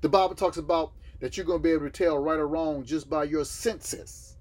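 A man's voice: on the high side, fairly even intonation, a little fast, darkish tone. A man from the States, teaching a Bible class and asking his listeners questions that he then answers himself. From Southern United States.

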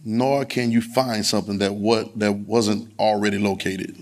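A man's voice: on the low side, steady tone, normal speed, a little mellow. A man preaching a sermon in a colloquial manner, repeating phrases and urging the congregation to answer back. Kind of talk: sermon with call-and-response.

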